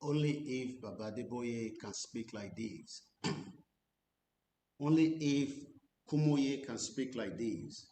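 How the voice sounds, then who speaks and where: A Nigerian man speaking as an activist commentator, switching between English and Yoruba. He talks earnestly and deliberately, pressing on key phrases. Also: mellow. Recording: roomy recording with faint rumble.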